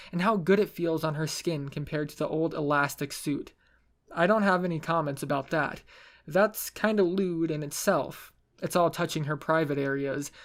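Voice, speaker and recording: A man narrating a first-person story in a wry, self-mocking way. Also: on the high side.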